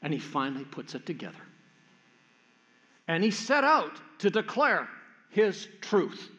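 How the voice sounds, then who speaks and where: A man's voice: fairly high pitch, sing-song, unhurried, sharp tone. An older man preaching a sermon as pastor, telling a family story in a church. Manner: storytelling, acts out family voices. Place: church sanctuary. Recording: echoey hall, dull sound.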